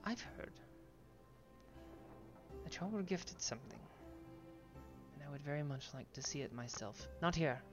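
A woman voicing a guarded, secretive man met in a tavern, speaking in a measured, deliberate way. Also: sits low, lively intonation, lo-fi sound, music in the background.

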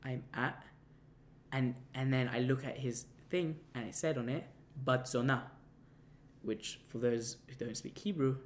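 A young man telling a casual anecdote, rambling and halting with many restarts and fillers. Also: mid-range voice, a little hiss or hum. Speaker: storyteller.

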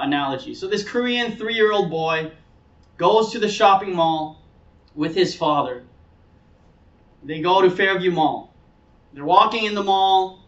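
High-voiced pastor in an echoey hall. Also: male voice, fairly bright tone. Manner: earnest preaching with acted-out child voices. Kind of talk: sermon. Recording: echoey hall, speaker far from mic, dull sound.

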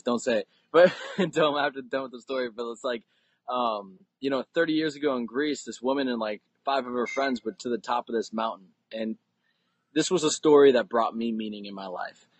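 Earnest husky man telling a story. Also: mid-range voice, dry recording, poor audio. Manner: earnest, building suspense as he tells a story. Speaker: podcast guest. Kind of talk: conversational storytelling.

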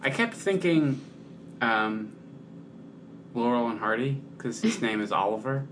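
A man's voice: animated, measured pace, fairly bright tone, slight background noise. A man co-hosting a podcast, chatting casually and self-deprecatingly over a word game. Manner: low-key, self-deprecating, teasing. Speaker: podcast co-host.

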